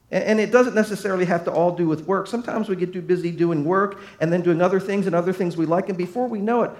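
A man preaching to his church in a high, light voice. He speaks with emphasis, pushing key lines louder and letting others fall soft. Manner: emphatic preaching, voice swelling and dropping, acting out crowd quotes. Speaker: pastor. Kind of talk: sermon.

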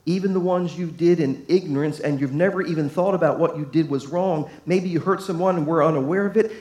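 Pastor guy preaching, high voice, echoey church, goes loud then real quiet. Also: a little fast. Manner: folksy, emphatic preaching with big swings from loud to hushed. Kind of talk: sermon. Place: church sanctuary. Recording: echoey room.

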